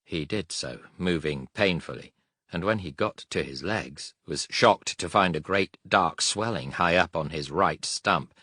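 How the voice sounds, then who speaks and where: A man reading a war audiobook in a measured, steady narration. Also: low voice, breathy edge, no room sound, studio quality.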